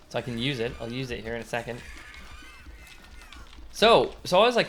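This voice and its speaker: A man's voice: mid-range voice, lively intonation, fairly quick, fairly bright tone, soft background music. A young man telling a rambling story as he plays a game, switching between acted-out quotes and sudden outbursts at what is on screen. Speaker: gaming commentator. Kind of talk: casual let's-play storytelling.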